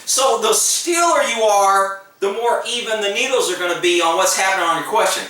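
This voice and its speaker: A man's voice: high voice, brisk, bright, forceful tone, very echoey, distant mic, poor audio. A man, a former police officer, telling stories in a blunt, joking casual monologue and acting out the exchanges he quotes.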